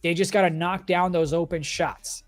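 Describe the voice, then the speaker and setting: A man commentating an esports basketball match, breaking down stats and plays in a steady, analytical way. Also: high voice, moderate pace, soft background music. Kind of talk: sports commentary.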